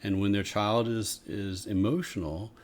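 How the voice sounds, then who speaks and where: A man co-hosting a podcast, explaining ideas in a measured, casual way. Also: lowish voice, steady tone. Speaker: podcast co-host. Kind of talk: casual conversation.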